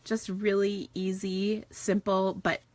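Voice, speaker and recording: A middle-aged woman hosts a casual live stream from her home craft room, gushing brightly over what she shows. Her voice sits at an ordinary middle pitch and keeps breaking into laughter. It is picked up by the camera's own mic. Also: flat delivery, slow, no echo. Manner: bubbly and gushing, laughs often. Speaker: card-making demonstrator hosting a live stream.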